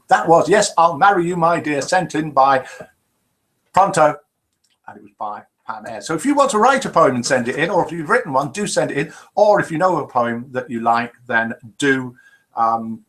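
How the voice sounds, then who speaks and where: A man's voice: on the high side, normal speed. A man with a British accent hosting a live web show from a small room, chatting casually and reading out viewers' names. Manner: chatty, relaxed, reads out viewers' names and comments. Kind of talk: casual live-stream presenting. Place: small home studio room. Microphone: webcam live broadcast.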